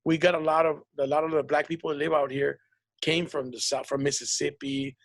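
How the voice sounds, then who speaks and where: A man, hosting a casual comedy podcast chat and telling animated stories. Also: on the high side, brisk, no echo. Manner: animated storyteller, slips into impressions. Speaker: podcast host.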